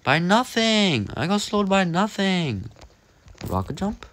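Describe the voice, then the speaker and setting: A man's voice: high-pitched, slow pace, a little hiss or hum. A young man giving casual, jokey commentary while he plays a game, talking to himself as he goes. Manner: animated, jokey, talks to himself while playing. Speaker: gaming commentator.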